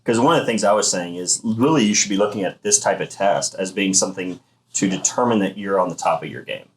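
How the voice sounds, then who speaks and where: A man who co-runs a thermography clinic explains health screening in a casual discussion, sounding emphatic, explanatory, and fast-flowing. His voice is low-pitched and the audio quality is poor.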